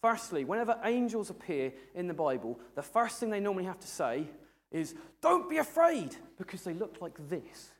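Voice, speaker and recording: A man's voice: high voice, lively intonation, a little fast. A man preaching a sermon in a humorous, conversational way. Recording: echoey hall.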